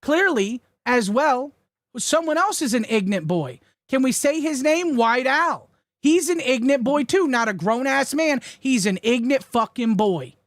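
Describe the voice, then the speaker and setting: A man's voice: very high voice, lively intonation, normal speed, fairly bright tone, no room sound, clean studio sound. A man from Florida arguing heatedly and defensively in a podcast talk, swearing often and with emphasis.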